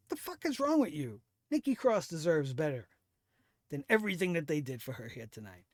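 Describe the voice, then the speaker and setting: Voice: mid-range voice, sing-song, fairly quick, no echo, clean studio sound. A wrestling show reviewer ranting in a sarcastic, profane way about the latest episode. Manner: profane, sarcastic, heated rant.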